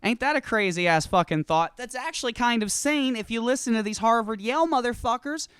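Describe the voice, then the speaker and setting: Stoner host ranting and swearing nonstop, smooth clean voice, dry sound. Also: medium pitch, fairly quick, no room sound. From California. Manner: profane, rambling, animated. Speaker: show host. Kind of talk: stoned comedic rant.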